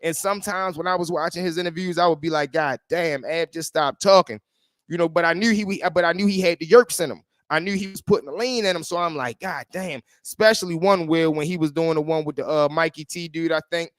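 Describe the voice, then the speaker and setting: High-voiced, slangy male livestream host. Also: quick pace, hardly any pauses, no echo, studio quality. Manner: animated, slangy, reads and greets chat. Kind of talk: casual livestream commentary.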